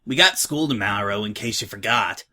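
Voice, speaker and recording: A man's voice: on the low side, expressive, normal speed, pushed and bright, pitched below the performer's own voice, full character voice. A man voicing a tough, slangy young filly who talks bluntly and offhand. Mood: brash. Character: brash, tough young filly, slangy orphan-home veteran.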